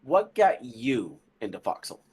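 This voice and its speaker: A man who is a guest on a gaming podcast, talking in a relaxed, chatty way with lots of fillers. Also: medium pitch, moderate pace, breathy edge. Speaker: podcast guest, military veteran. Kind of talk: casual gaming podcast chat.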